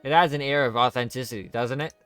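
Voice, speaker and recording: A man's voice: medium pitch, fast, over music, lightly acted. Cheeky carnival man, as a man puts him on. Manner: speaks in rhyming slang, cheeky. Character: carnival man speaking rhyming slang.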